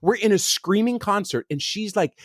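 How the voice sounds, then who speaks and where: Animated man telling stories on a podcast. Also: sits high, normal speed, dry recording, studio quality. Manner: animated storyteller, acts out quotes in voices. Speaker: podcast co-host. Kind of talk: casual chat.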